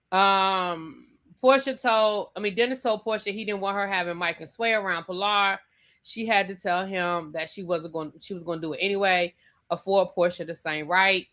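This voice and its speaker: A woman's voice: medium pitch, sharp tone. A woman hosting a live show, reviewing a reality TV episode in a chatty, sassy way and repeating her points. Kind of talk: casual live rant reading viewer comments.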